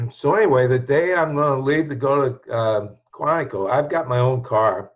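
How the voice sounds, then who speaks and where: A man's voice: mid-range voice, normal speed. An older man from the United States looks back on his life, speaking with a mid-range voice in a casual, meandering way. He restarts his sentences and chuckles to himself as he goes. The recording sounds dull and slightly lo-fi. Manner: reflective, rambling, with restarts and chuckles. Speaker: show host telling his life story. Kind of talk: casual personal storytelling.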